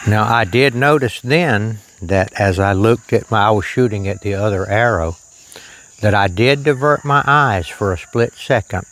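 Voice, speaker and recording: A man demonstrating archery outdoors on a shirt lavalier, talking slowly and plainly and drifting into preacherly reflections on faith. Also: on the low side, a bit bright, a little hiss or hum. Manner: slow, plain-spoken, preacherly asides. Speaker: archery vlogger. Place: outdoors on a rural property.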